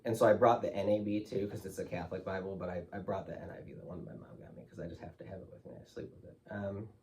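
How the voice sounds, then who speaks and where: A man's voice: low voice, fast, a little mellow, recorded from a distance, slight background noise. A man speaking as a guest in an interview, telling his story candidly and emotionally, loose with fillers like "like" and "you know".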